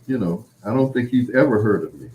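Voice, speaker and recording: Male host, middle-aged, lower register, loose rambling talk with acted-out quotes. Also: expressive, brisk, lo-fi sound, slight background noise. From Chicago area. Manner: rambling, many "you know" fillers, acts out quoted lines. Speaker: podcast host. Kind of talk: casual storytelling chat.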